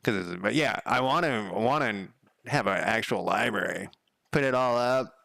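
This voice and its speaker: A man's voice: on the low side, moderate pace, creaky, sharp tone, dry recording. A man live-streaming while he codes a game, chatting casually in a rambling, profane way and counting under his breath. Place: home room.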